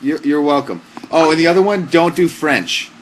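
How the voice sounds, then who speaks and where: A young man hosting a live stream, handing out mock-serious joke advice in a casual, deadpan way with lots of fillers. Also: on the high side, normal speed, slight background noise. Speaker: livestream host giving joke advice. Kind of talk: casual comic livestream chat.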